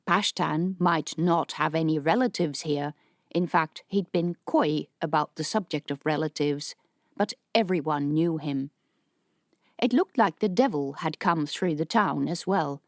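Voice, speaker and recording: Low-voiced woman reading an audiobook. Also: measured pace, dry recording, studio quality. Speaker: audiobook narrator. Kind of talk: scripted narration.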